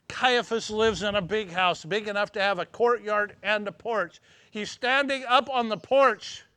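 A man preaching a sermon, acting out scenes dramatically and dropping to hushed tones at emotional moments. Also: very high-pitched, dry recording. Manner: dramatic, swings from loud exclamations to hushed near-whispers.

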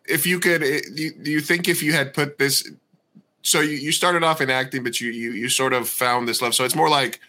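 A man hosting a podcast, joking around and asking questions in a halting way. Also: mid-range voice, fairly even intonation, pushed and bright. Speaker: podcast host. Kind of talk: casual podcast chat.

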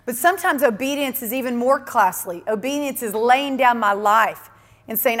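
Woman preacher, high voice, earnest and emphatic, repeats for stress, reverberant hall sound. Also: expressive, moderate pace, fairly bright tone. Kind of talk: sermon.

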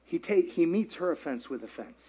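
A man preaching a sermon, animated, quizzing the congregation and acting out quotes. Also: a little high, a little fast, husky. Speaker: pastor.

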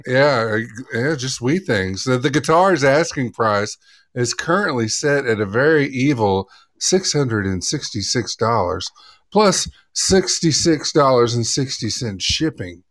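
A man co-hosting a casual podcast, polite and quick to exclaim, reading an article aloud haltingly. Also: mid-range voice, expressive, a bit bright. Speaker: podcast co-host. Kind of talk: casual chat.

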